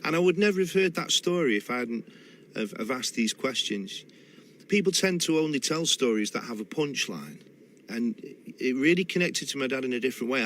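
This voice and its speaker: A man's voice: medium pitch, fairly bright tone. A man with a Manchester accent, a radio interview guest telling family stories thoughtfully, with hesitant restarts. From Manchester, England. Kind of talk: reflective storytelling in a radio interview.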